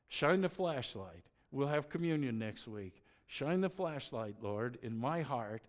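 A middle-aged man preaching a sermon as pastor, conversational and animated, acting out little stories with exclamations. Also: medium pitch.

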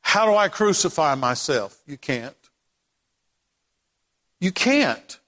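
A man preaching a sermon as pastor, swinging from loud declarations to hushed passages. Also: fairly high pitch, sing-song, takes it slowly, long reverb tail. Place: church sanctuary.

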